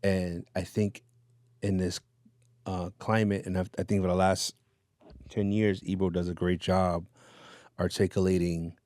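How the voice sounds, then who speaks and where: A man, a radio DJ guest, telling stories in a relaxed, casual interview chat with fillers and laughs. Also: low-pitched, measured pace, pauses often, dry recording, studio quality.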